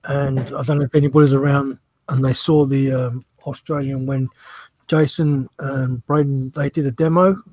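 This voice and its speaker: A man's voice: mid-range voice, level tone, normal speed, darkish tone, dry recording, rough recording. A man chatting on a live stream, explaining things plainly. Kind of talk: casual live-stream chat.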